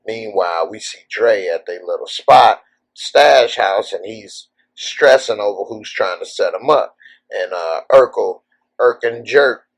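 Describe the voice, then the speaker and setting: A man with a somewhat low voice casually retelling a TV episode, as a reviewer recapping for his audience. He strings the events together loosely with "and so" and "uh". He drops briefly into the characters' lines as he goes. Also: measured pace, breathy edge, low-quality recording. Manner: loose storytelling full of "and so" and "uh", slipping into the characters' lines.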